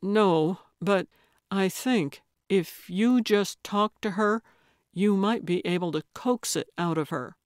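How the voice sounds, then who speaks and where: A woman's voice: medium pitch, slow, a little mellow, dry recording, studio quality, close to an everyday voice. A woman voicing an earnest awkward young paramedic man. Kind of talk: audiobook character voice.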